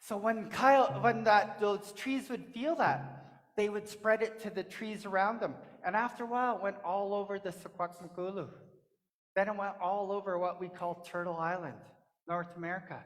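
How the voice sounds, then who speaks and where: A woman's voice: mid-range voice, fairly even intonation. Woman telling a story in a church. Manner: rhythmic, repetitive storytelling with pauses. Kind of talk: oral storytelling in a service. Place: church sanctuary. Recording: long echo of a church hall.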